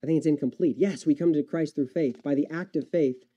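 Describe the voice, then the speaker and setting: A man delivers a sermon in an easy, conversational way, breaking off for wry asides and fixing his words as he goes. His voice is very dark and mellow, though pitched a little high. The recording sounds dull and muffled. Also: a little fast. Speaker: pastor.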